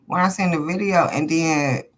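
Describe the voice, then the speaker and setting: A woman's voice: sits low, moderate pace, poor audio. A woman doing a casual live tarot reading, talking bluntly to her viewers with lots of swearing and frequent laughter. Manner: profane, blunt and chatty with viewers; laughs often between questions. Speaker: tarot card reader. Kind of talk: casual live-stream chat.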